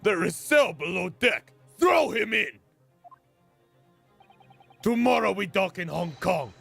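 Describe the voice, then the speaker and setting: A man voicing a gruff, blustering ship officer who bellows commands in broken English. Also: high-pitched, sing-song, takes it slowly, fairly bright tone, soft background music, voice pushed up, full character voice. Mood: bellowing.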